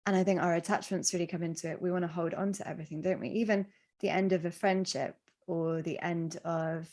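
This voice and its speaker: A woman in a reflective podcast conversation, telling a story in a gentle, thoughtful, measured way. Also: on the low side.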